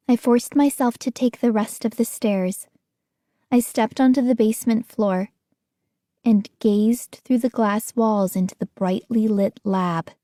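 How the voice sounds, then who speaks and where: A woman reads an audiobook in a measured, unhurried voice that sits a little high. The sound is close and dry, with no room around it. She narrates in the first person and voices the other characters too. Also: steady tone, warm tone, no echo. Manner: acts out scared young narrator and other characters' lines. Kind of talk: scripted narration.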